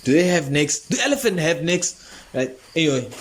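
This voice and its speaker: A man's voice: fairly high pitch, animated, measured pace. A man hosting a comedy podcast, telling a rambling, profane story and laughing often. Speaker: podcast host.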